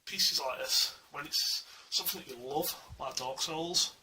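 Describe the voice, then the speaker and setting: A keen collector talks through his latest statue at home, rambling and full of fillers as he gushes. His voice is sharp and very bright. The small camera mic sits a little away from him, and a faint hiss runs underneath. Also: on the high side, unhurried, recorded from a distance, poor audio. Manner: enthusiastic and gushing, rambling with many fillers. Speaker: statue collector reviewing a figure. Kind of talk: casual video review.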